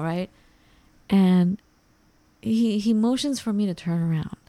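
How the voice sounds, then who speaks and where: This woman, a podcast co-host, speaks unhurriedly in a mid-range voice and pauses often. She chats casually and animatedly acts out what the people in her story said, with no room sound in the recording.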